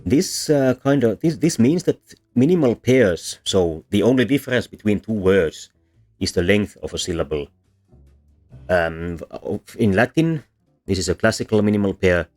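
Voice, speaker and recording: A man explaining grammar as a teacher in a lecture, drawing as he talks and pausing often with ums and self-corrections. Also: on the low side, expressive, a little mellow, faint music behind. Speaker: language teacher.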